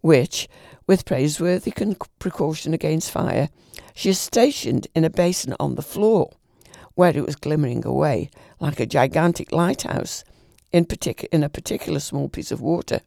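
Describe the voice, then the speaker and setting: Gravelly, dark-voiced male reader. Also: on the high side, dry recording, studio quality. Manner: unhurried, with occasional stumbles and restarts. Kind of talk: reading a classic novel aloud.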